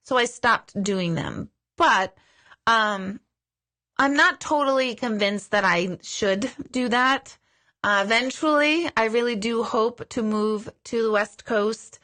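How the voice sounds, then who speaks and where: A middle-aged woman, a psychic medium, chatting casually in a live Q&A and telling stories with lively quoted asides. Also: on the high side, takes it slowly.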